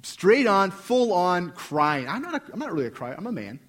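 A man's voice: sits high, big pitch swings, normal speed, a bit bright. A young man preaching a sermon, telling a personal story earnestly with frequent restarts. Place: church sanctuary.

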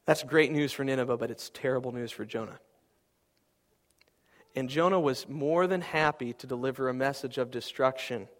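A man preaching a sermon, swinging between loud, emphatic declarations and quieter asides. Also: medium pitch, normal speed.

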